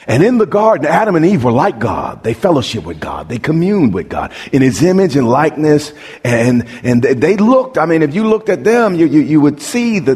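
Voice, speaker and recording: A man's voice: mid-range voice, darkish tone, slightly rough. A man preaching a sermon as pastor, emphatic, asking the crowd questions and repeating words as he builds a point. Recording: long hall reverb.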